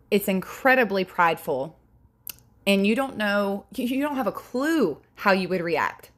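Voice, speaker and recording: A woman giving an earnest, compassionate Bible teaching talk, speaking deliberately. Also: mid-range voice.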